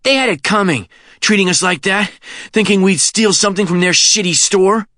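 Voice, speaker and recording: A man's voice: high voice, moderate pace, fairly bright tone, dry recording, clean studio sound, pitched above the performer's own voice. A man doing a brash, cocky teenage boy. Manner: cocky, crude, breathless bravado. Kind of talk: audiobook character voice.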